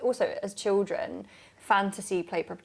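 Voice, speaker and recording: A woman hosting an interview, asking questions eagerly and reacting with quick exclamations and laughter. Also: mid-range voice. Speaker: interview host. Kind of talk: casual interview chat.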